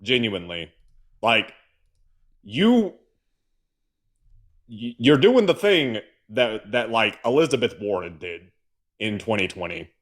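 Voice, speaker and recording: A man's voice: on the low side, sing-song, slow, pauses often, a bit bright. A man from the American South co-hosting a political livestream, ranting with sarcastic exasperation. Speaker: co-host. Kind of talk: political commentary rant.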